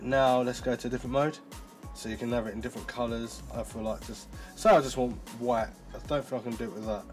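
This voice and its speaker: A man reviewing tech in a casual demo, chatty and excitable, thinking aloud as he goes. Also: medium pitch.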